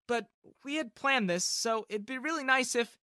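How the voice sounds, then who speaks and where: A storyteller voicing a sweet, lighthearted young woman who is quick to feel hurt. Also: a little high, no room sound, studio quality, voice pushed up. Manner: sweet, then yelling in anger.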